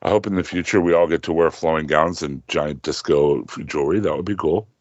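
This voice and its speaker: A man with a very low voice makes joking asides as a podcast guest and laughs often. His voice sounds close and dry, with a dull, lo-fi quality. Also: brisk, no echo. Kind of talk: casual podcast chat.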